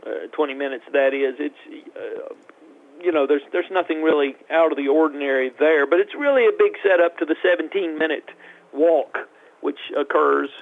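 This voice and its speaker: A man reviewing a film in casual radio chat, halting and repeating words as he talks. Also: a little high, gravelly, narrow, tinny audio.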